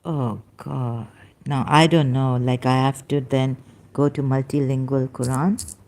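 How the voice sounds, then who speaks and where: A woman hosting her own channel, reading passages aloud in halting, self-correcting casual commentary. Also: very deep voice, little pitch movement, darkish tone. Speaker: solo channel host.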